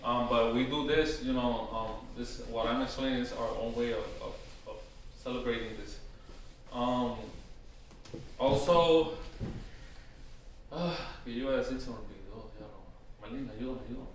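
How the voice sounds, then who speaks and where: A man giving an informal workshop talk, hesitant and full of "um" and "you know", slowing down to spell out words. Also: mid-range voice. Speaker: workshop presenter on Taíno tradition. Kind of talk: informal teaching talk to a live group. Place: workshop room. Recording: very echoey room, far from the mic, faint noise.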